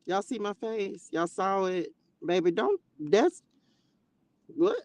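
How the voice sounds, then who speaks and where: Taking it slowly, a woman with a medium-pitched voice hosts a casual livestream on a dry recording, speaking into a tablet mic. She talks to viewers expressively and chattily, calls them baby and child, and laughs in bursts.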